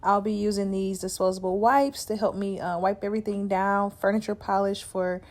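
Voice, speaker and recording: A woman talking casually through a cleaning vlog in a relaxed, chatty way with many fillers. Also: mid-range voice, moderate pace. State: out of breath. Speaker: vlogger. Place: outdoors by a car. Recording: music playing in the background.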